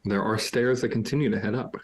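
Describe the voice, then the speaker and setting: Low gravelly guy game master, flat delivery, kinda umm-y. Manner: relaxed, halting description with fillers. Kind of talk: narrating a tabletop game.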